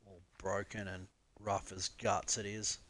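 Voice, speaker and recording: A man's voice: lowish voice, little pitch movement, unhurried, a bit bright, dry recording. An Australian man chatting casually on a live stream, rambling, laughing often and swearing freely.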